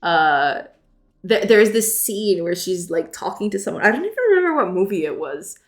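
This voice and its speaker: A woman's voice: mid-range voice, very animated, normal speed, soft background music. A woman streaming game development, chatting casually with viewers while she codes. She is self-deprecating and often breaks into giggles. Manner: chatty, reads and answers viewer messages. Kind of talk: casual live-stream chat while coding.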